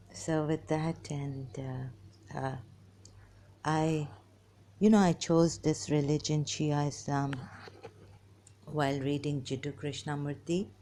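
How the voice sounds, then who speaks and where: A woman talking to her viewers in a rambling personal monologue, halting and giggly, often restarting and trailing off. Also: sits low, warm tone, slight background noise. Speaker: vlogger.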